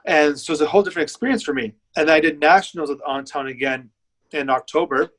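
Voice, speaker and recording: A man's voice: a little high, fast talker, fairly bright tone, rough recording. A man guest, a bodybuilder, telling his story in candid, rambling casual chat.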